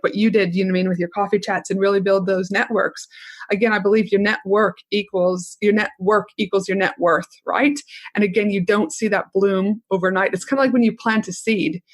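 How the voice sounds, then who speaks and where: A woman hosting a podcast interview, talking in an enthusiastic, chatty way and often asking "do you know what I mean". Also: mid-range voice. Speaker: podcast host. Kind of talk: conversational interview.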